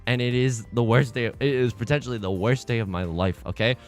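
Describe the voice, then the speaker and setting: A young man casually chatting and commenting while streaming online mahjong, excitable and self-mocking, laughing often and jumping from loud outbursts to mumbled asides. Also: medium pitch, fairly quick, soft background music. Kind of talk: casual livestream chat and commentary.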